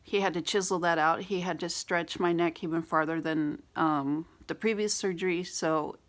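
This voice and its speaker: A woman beauty vlogger with a raspy voice, candidly telling a personal story in a rambling vlog with many fillers. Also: on the low side, steady tone, normal speed.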